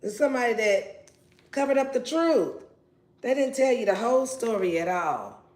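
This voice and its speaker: A woman's voice: on the high side, expressive, normal speed, darkish tone. A woman giving a casual tarot reading in a brash, playful and profane way. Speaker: tarot reader. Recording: roomy echo.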